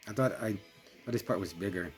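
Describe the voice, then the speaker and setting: A man giving a casual, rambling spoken film review, restarting his sentences and trailing off quietly at times. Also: low-pitched, a little fast. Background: faint music.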